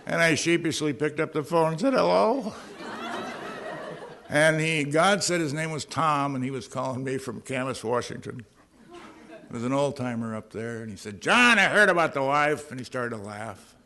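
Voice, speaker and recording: A man's voice: medium pitch, fairly even intonation, normal speed, fairly bright tone. Middle-aged guy speaking from a podium, earnest recovery story, dry humor. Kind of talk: personal recovery talk at a podium.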